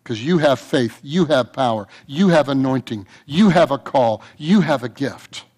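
A man's voice: mid-range voice, expressive, measured pace, darkish tone. A man preaching a sermon to his church, fervent and repetitive, breaking into a story. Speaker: pastor.

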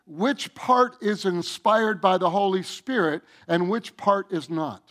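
A man's voice: high-pitched, expressive, takes it slowly, fairly bright tone. A male pastor preaching a sermon, speaking emphatically and addressing the congregation directly.

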